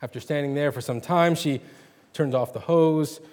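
A man's voice: a little high, normal speed, darkish tone. Man reading a story in an echoing hall. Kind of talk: reading and retelling a short story.

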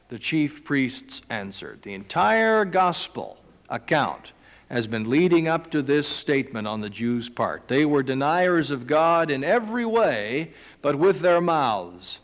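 A man's voice: a little high, measured pace. A male preacher reads scripture and stops to explain it, his voice moving up and down with real animation. Everything carries a long, ringing reverb from a large hall. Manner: animated storytelling reading. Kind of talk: Bible reading with commentary.

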